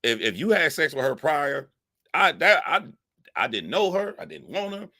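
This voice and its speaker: A man telling a profane comic story, animated and laughing, jumping up in pitch for emphasis. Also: moderate pace, no room sound, studio quality. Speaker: comedic storyteller.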